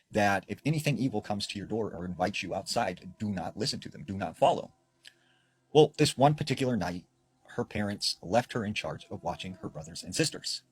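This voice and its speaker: Man, low voice, spooky storytelling, conversational, dramatic swells, faint music behind. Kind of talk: retelling paranormal stories.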